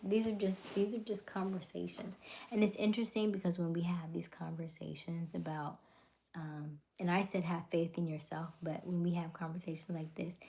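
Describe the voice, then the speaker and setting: Woman livestream host, casual chat, slightly low voice, soft near-whisper at times, greets viewers by name.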